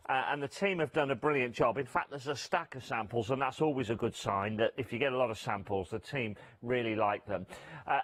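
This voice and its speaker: British man, mid pitch, casual shopping TV presenter, loose patter. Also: a bit bright. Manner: easygoing, filler-heavy patter.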